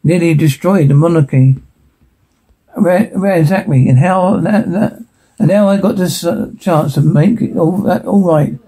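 A hapless, self-pitying middle-aged royal uncle in a sitcom. He is earnest and stumbles over his words, and his voice is fairly high with a dark, husky tone. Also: a little slow, rough recording. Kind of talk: sitcom acting.

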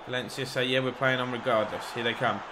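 A young man giving excitable, rambling live commentary over a football video game, shouting encouragement at the players and joking at himself. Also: mid-range voice, fast talker, noisy background. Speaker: gaming YouTuber.

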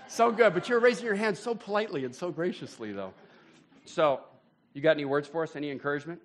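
Male pastor, lively storyteller in the pulpit, pitched a bit high. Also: fairly quick. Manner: animated storytelling, bursts of excitement. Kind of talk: sermon. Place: church sanctuary.

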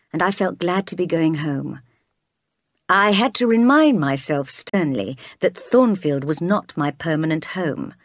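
Woman narrator, low-pitched, dry recording, steady read-aloud. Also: no echo. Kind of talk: reading a graded reader aloud.

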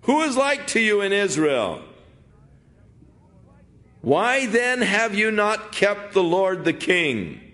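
A man voicing a young male warrior who calls out loudly and pleads, as he reads the scene aloud in a sermon. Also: mid-range voice, lively intonation, a little fast, hardly any pauses, close to an everyday voice. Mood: calling out. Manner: loud, pleading, calling out. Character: young male warrior calling out across hills.

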